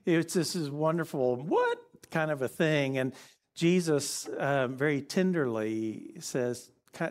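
A man preaching a sermon, telling a story in a lively way that shifts between energetic and hushed. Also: mid-range voice.

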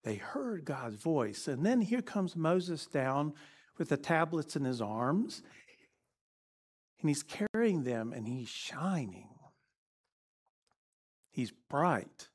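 Animated man preaching a sermon. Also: fairly high pitch, slow pace, long pauses, husky. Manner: animated storytelling, shifting between lively and hushed.

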